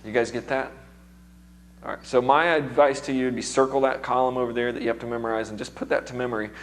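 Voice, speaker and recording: A man's voice: mid-range voice, steady tone, fast talker. A man with a strained, recovering voice, teaching music theory to a seminar class in a casual, chatty way and quizzing the students.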